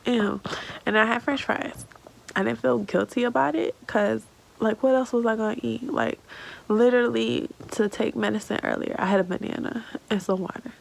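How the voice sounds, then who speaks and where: Woman in her 30s, vlog storytelling, very creaky gravelly voice, tearful, rambling, lots of fillers. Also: fairly high pitch, moderate pace, a little hiss or hum, poor audio. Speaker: vlogger.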